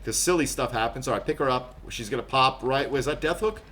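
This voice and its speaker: A man streaming a horror game live, chatting with viewers and teammates, quick to laugh and yelp in surprise. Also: mid-range voice, fairly bright tone, slight background noise. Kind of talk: live gameplay commentary.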